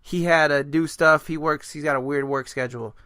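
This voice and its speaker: A man's voice: fairly high pitch, fairly even intonation, brisk, sharp tone, smooth. A man hosting a casual podcast chat, rambling and joking at his own expense. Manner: rambling, joking and self-mocking. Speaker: podcast host.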